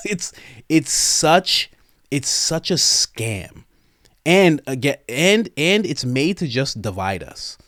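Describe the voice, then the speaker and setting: Animated, incredulous male podcast host. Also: on the high side, slow, dry recording, clean studio sound. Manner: animated, incredulous, laughs between points; casual, with frequent fillers like "man" and "bro". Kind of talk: opinionated podcast commentary.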